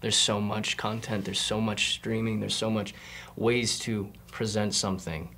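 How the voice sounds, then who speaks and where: A young man interviewing, soft-spoken and attentive, asking questions with short affirmations. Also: on the low side, steady tone, a little slow, a little hiss or hum. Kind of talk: interview conversation.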